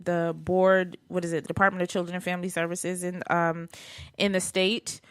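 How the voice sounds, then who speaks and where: Female podcast co-host, lowish bright voice, halting explainer, dry teasing, dead mic. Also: level tone, clear, resonant tone, no echo. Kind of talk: casual comedic chat.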